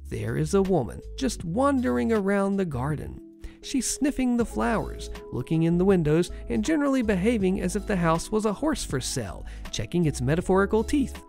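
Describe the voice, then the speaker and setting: A narrator reading online stories aloud in an expressive, animated way. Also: medium pitch, normal speed, gravelly, faint music behind.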